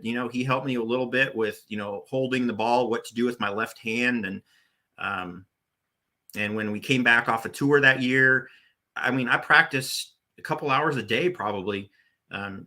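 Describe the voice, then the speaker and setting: Guy in his 40s, podcast guest, sharp bright voice, rambly storyteller w lots of uhs. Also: mid-range voice. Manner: rambling, many restarts and "uh" fillers. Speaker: podcast guest, former bowling tournament director. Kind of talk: casual storytelling interview.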